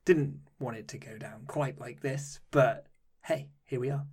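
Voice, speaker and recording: A man's voice: medium pitch, measured pace, a little mellow, breathy edge, distant mic. A man playing a tabletop role-playing game, easygoing and hesitant. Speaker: player. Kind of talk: casual tabletop play. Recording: voice from off the mic.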